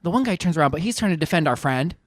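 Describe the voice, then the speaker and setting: A man's voice: on the high side, racing, no room sound. A man co-hosting a podcast, telling a story in casual chat and acting out the people he quotes. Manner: animated, acts out quotes in big voices. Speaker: podcast co-host.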